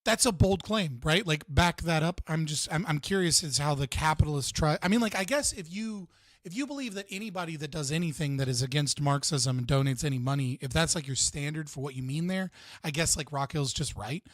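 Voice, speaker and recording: A man's voice: a little high, fairly quick, a bit bright, dry recording. A man reacting on a live stream, ranting and swearing as he talks to his chat. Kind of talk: casual live-stream commentary.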